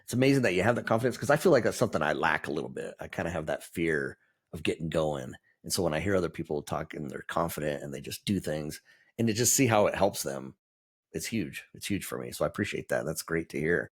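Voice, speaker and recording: A man's voice: rumbling low, lively intonation, fast, slightly rough. A man hosting a podcast, asking questions and reflecting in an earnest, encouraging way. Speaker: podcast host. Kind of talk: casual interview chat.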